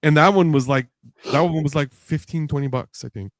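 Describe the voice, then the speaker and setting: A man's voice: a little high, brisk, no echo. A man telling a long anecdote in casual podcast chat, acting out the voices he quotes. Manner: animated storyteller, acts out quoted voices with laughs.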